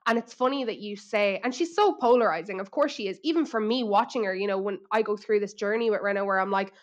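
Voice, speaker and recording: An Irish woman co-hosting a podcast in casual chat, telling animated stories and putting on exaggerated impressions. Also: medium pitch, fast. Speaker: podcast co-host.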